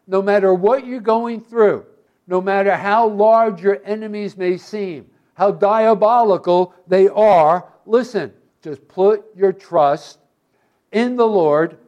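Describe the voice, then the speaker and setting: A pastor preaching a sermon and closing in prayer, with earnest, emphatic stresses on key words. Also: male voice, high-pitched, warm tone, highs cut off. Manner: prayerful, repeating "Lord" and "Father".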